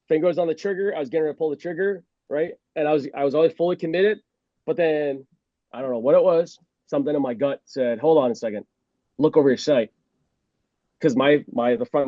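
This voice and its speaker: A man's voice: a little high, darkish tone, dry recording, lo-fi sound. A man who used to be a police officer tells a story in a casual way, acting out the scene and laughing often. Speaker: former police officer guest.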